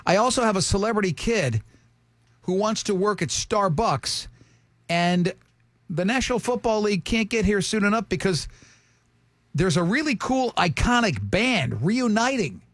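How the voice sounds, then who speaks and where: A man's voice: high-pitched, animated, normal speed, a bit bright, no echo. A man hosting a morning radio show, running a call-in quiz with joking, teasing banter.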